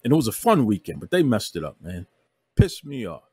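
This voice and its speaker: A man's voice: fairly low pitch, wildly swooping pitch, a little fast, mellow, slightly rough, no room sound. A man hosting a wrestling podcast, ranting with heavy emphasis and calling people out by repeating himself. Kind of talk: heated podcast rant. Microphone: remote podcast recording.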